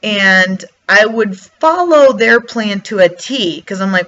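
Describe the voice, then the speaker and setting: A woman talking straight to her viewers in a relaxed, chatty way, her voice bright and forward. She slips into her own past thoughts as she goes. The recording sounds a little dull and lo-fi. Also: medium pitch, takes it slowly, slight background noise. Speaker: vlogger. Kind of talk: casual motivational talk to camera.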